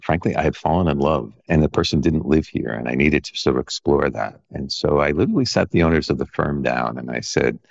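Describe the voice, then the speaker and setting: A man's voice: extremely low pitch, lively intonation, fairly quick, creaky, few pauses, no echo, muffled recording. A middle-aged man from Long Island, an architect guest talking reflectively and earnestly in an interview, often restarting his sentences. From Long Island, New York. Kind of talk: conversational interview.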